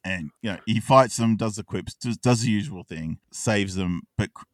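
A man hosting a casual podcast chat, recapping a cartoon episode and acting out the characters' lines in quick asides. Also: on the low side, no room sound, studio quality, far from the mic. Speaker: podcast co-host.

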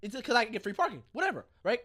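Excitable fast-talking storytelling man. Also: very high-pitched. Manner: swearing, excitable storyteller who acts out scenes. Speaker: podcast co-host. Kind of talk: casual chat, animated storytelling.

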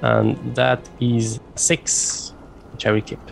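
A man with a strongly gravelly voice plays at a tabletop game, describing his moves hesitantly and stumbling over repeated words. His pitch sits in the middle, with faint music behind him. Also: level tone, takes it slowly. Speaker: player.

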